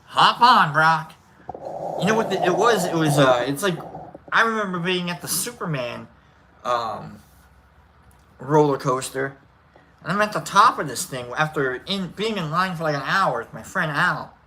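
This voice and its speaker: Rambling, lively-voiced man telling stories. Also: a little high, moderate pace, low-quality recording. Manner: rambling, self-deprecating, jokey. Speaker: livestream host. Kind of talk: casual livestream storytelling.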